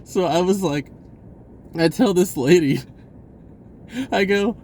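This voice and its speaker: A man's voice: high voice, lively intonation, takes it slowly, darkish tone, slight background noise. A man telling a personal story in a casual, rambling way, laughing often and acting out the voices of people in it. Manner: acts out voices in his retelling.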